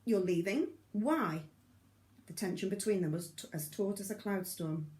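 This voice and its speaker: A woman narrating a novel in an audiobook reading, steady and measured. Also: medium pitch, roomy sound. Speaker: audiobook reader.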